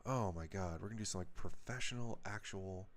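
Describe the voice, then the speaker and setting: A man's voice: sits low, brisk. A man editing on a live stream, muttering to himself as he works and swearing when something goes wrong. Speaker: video editor streaming a live edit. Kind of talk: live-stream self-talk while working.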